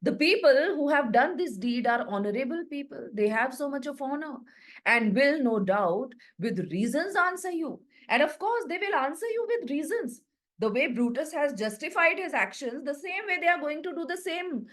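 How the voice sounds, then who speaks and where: A woman, a literature teacher who reads a line of the play slowly and then restates it in plain words. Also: sits high. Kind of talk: reading and explaining a play.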